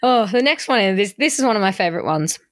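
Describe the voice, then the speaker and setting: A sober woman going through a breakup co-hosts a casual chat, reading out listener submissions. She's giggly and animated, laughing often, and talks at a quick pace in a medium-pitched voice with no echo.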